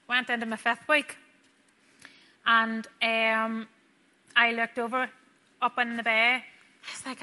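A young woman, a nurse earnestly telling a personal testimony to a church gathering. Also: a little high. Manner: earnest, storytelling, drops soft and quiet at tender moments.

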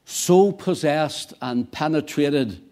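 Preacher man with a dark voice. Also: on the high side, takes it slowly, a little hiss or hum. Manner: swings from quiet to loud emphatic bursts. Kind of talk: sermon.

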